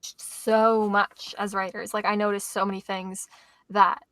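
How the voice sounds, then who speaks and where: A woman's voice: medium pitch, level tone, measured pace, fairly bright tone, no echo. A chatty, upbeat teenage girl in a casual talk about writing. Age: teens. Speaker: author and co-host.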